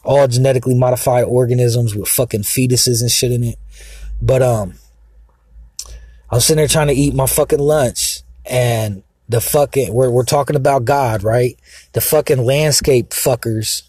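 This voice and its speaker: A man's voice: medium pitch, steady tone, normal speed, a little mellow, breathy edge, no echo. A man ranting in a rambling, profane, agitated monologue with many fillers. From Mexican heritage. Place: outdoors, sitting in a car.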